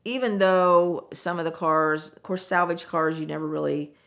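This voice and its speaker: Low-voiced woman, middle-aged, former car saleswoman, animated storyteller. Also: moderate pace, creaky. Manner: animated, acts out quoted voices, frank and chatty. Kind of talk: casual storytelling interview.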